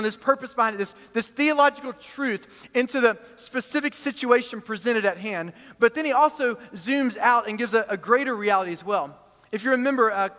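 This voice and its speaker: A man preaching a sermon, emphatic, swinging between loud high bursts and quiet low stretches. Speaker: pastor. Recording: long hall reverb.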